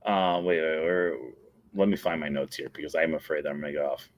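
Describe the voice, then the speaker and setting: A man's voice: a bass voice, steady tone, fairly quick. A man hosting a daily show, talking casually and enthusiastically as he walks through scenes and quotes the characters' lines. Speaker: show host. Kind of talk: casual solo talk.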